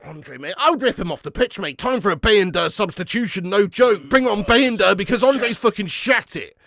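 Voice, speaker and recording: A man hosting a live football watch-along, swearing freely, getting excited and reading out viewer comments. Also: high voice, normal speed, creaky, dry recording, clean studio sound. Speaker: fan channel host.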